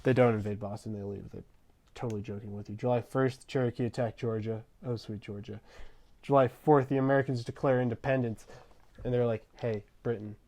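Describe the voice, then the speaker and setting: A young man giving a jokey, slangy history rundown over gameplay, with deadpan asides. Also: medium pitch, fast talker.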